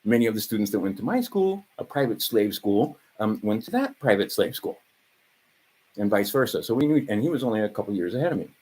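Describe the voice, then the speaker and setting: A man's voice: fairly low pitch, very animated, fairly quick, darkish tone, slightly rough, poor audio. A man of around 60 from Hawaii, rambling through a profane vlog monologue full of fillers and asides. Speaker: vlogger.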